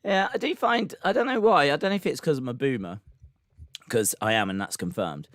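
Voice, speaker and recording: A man with a British accent hosting a live podcast stream, chatting in an animated, jokey, playful way. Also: fairly high pitch, brisk, no room sound, clean studio sound. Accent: British English. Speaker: podcast host. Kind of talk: casual live-stream chat.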